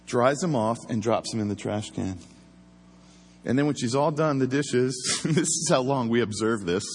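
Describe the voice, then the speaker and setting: A man tells a story casually and animatedly, acting out the voices of the people in it. His voice is husky and mid-pitched. It rings with the long reverb of a large hall. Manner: animated storyteller who acts out quoted voices with laughs. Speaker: former police officer.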